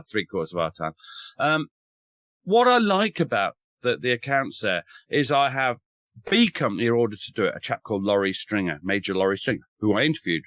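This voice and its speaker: Eager historian, dry sound. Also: male voice, medium pitch, fairly bright tone, no echo. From north of England. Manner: enthusiastic, wry humor, mild swearing, frequent restarts. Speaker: historian and author. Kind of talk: casual podcast chat.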